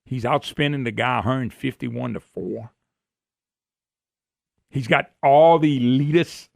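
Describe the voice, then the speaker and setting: A man's voice: mid-range voice, a little slow, gravelly, darkish tone, dry recording, clean studio sound. A man hosting talk radio, folksy, sarcastic and ranting. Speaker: radio talk show host. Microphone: studio microphone.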